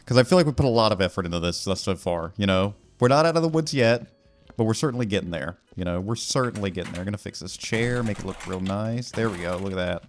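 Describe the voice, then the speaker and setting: Gamer man, lowish voice, loose rambling let's play patter. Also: expressive, fast. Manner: rambling, joking, lots of fillers and voice bits. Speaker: gaming YouTuber.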